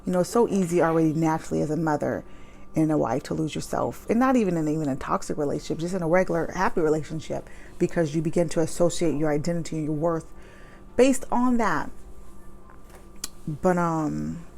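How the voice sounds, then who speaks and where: A woman in her thirties, a mother, telling a personal story at home in a candid, chatty way with lots of fillers, speaking fast. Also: low voice, vocal fry, warm tone, a little hiss or hum. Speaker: vlogger. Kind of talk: personal story time, advice to viewers. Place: home with children nearby.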